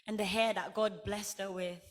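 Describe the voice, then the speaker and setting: A woman's voice: medium pitch, level tone, moderate pace. Earnest Guyanese woman giving a heartfelt speech. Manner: earnest, heartfelt, emphatic storytelling. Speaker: honorary degree recipient giving an acceptance speech. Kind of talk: ceremony acceptance speech.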